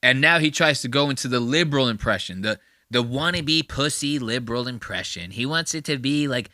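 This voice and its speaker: Male podcast host, bright mocking commentary, lively pitch, dry close sound. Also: moderate pace, no room sound. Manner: animated, profane and mocking. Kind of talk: casual commentary on a clip.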